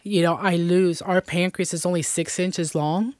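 A woman's voice: lowish voice, steady tone, moderate pace, a little mellow, dry recording. A middle-aged woman giving an earnest personal testimony in an interview, with many "you know"s and "um"s. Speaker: interview guest.

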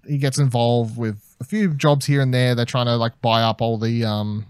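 A man's voice: medium pitch, steady tone, normal speed, a little mellow, clear, resonant tone, no echo. A young man with an Australian accent, co-hosting a laid-back review discussion. He talks in loose, hesitant runs full of fillers and the odd swear word. The recording is close and dry, with no room sound. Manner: rambling, hesitant, swears casually. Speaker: podcast co-host. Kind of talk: casual review chat.

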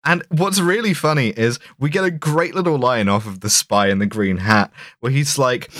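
A man's voice: a little high, expressive, normal speed, hardly any pauses, a bit bright, no room sound, studio quality. A man co-hosting a casual film podcast, joking and swearing as he retells scenes. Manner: sweary, jokey, quotes characters in funny voices. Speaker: podcast co-host. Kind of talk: casual film review chat.

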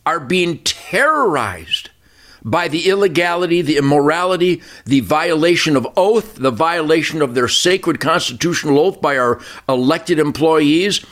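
A man's voice: on the high side, lively intonation, moderate pace, a bit bright. Fiery older man ranting emphatically. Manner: fiery, emphatic, repetitive listing. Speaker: show regular, commentator. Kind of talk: political talk show rant.

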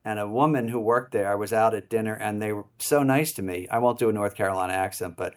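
A man's voice: lowish voice, quick pace. A man who is a Jesuit priest, talking casually as an interview guest, rambling a little with many "you know"s and easy laughs. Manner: laughs easily while talking.

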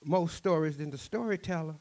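A man's voice: on the high side, fairly quick, darkish tone, voice pushed up, close to an everyday voice. A man voicing a foreign trader who speaks eagerly and asks puzzled questions.

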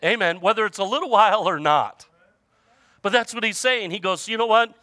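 Man, pastor, high voice, lively pitch, bright tone, dry close sound, chatty preaching with jokes and call-outs. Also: moderate pace, no echo. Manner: conversational preaching with humor and audience call-outs. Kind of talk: sermon.

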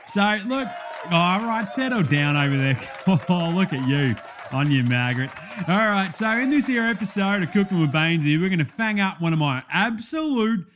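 A man's voice: on the high side, noisy background. A man playing a brash, blokey Australian cooking-show host in a comedy sketch, matey and full of slang. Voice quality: loud, matey, slangy, laughing at himself.

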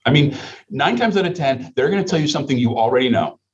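A man's voice: mid-range voice, lively intonation, quick pace, highs cut off. A man answering interview questions about healthcare in an emphatic, rhetorical manner, repeating his points. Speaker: healthcare leader guest.

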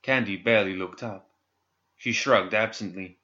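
Low, bright male voice, measured narration, dull lo-fi recording. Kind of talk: scripted audiobook narration.

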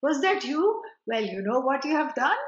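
A woman voicing a gentle, apologetic male god who speaks humbly and earnestly. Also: high-pitched, big pitch swings, moderate pace. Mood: humble, earnest. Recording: roomy, dull lo-fi recording.

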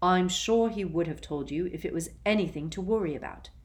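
A woman voicing a boisterous middle-aged wizard man who talks loudly and jovially. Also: lowish voice, brisk, natural voice. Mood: steady. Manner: loud and jovial.

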